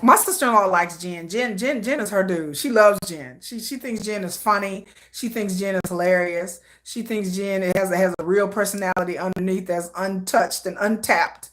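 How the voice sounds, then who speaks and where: Hosting a relaxed livestream, a woman with a mid-range voice talks at normal speed and barely pauses. She chats in a slangy, conversational manner, laughing often and tossing in lively asides.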